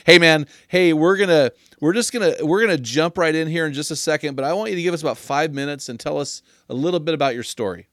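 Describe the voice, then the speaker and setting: A man's voice: fairly high pitch, a bit bright, dry recording. A man from Oregon hosting a podcast, upbeat and joking, introducing a guest in casual chat. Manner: upbeat, jokey, quick asides. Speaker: podcast host.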